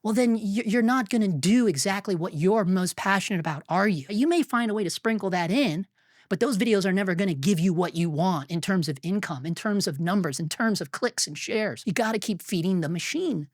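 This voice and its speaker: A man's voice: high voice, no room sound. Male filmmaker vlogger with a blunt, profane, rambling delivery, recorded dry and close. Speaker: filmmaker and YouTuber. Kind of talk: candid opinion commentary.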